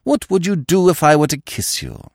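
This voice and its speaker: A man reading a story voices a suave, verbose young gentleman with a florid, ironic manner. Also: a little high, sing-song, moderate pace, gravelly, no room sound, clean studio sound, pitched above the performer's own voice, full character voice. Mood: urbane.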